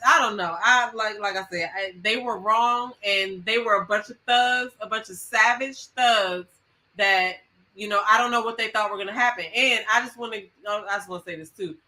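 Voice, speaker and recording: A woman co-hosting a podcast in casual chat, animated and emphatic, laughing often. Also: medium pitch, normal speed, rough recording. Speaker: podcast co-host.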